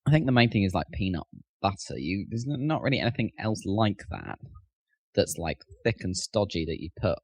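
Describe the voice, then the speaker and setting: Male podcast co-host, low voice with lots of swing, rambling, dry close sound. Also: very animated, brisk, slightly rough, no echo. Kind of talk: casual chat.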